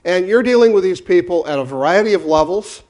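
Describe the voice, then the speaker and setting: Guy with a fairly high voice lecturing a crowd, punchy, keeps firing questions. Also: a little fast. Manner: energetic, questioning, conversational lecturing. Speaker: speaker on leadership. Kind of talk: conference talk to an audience.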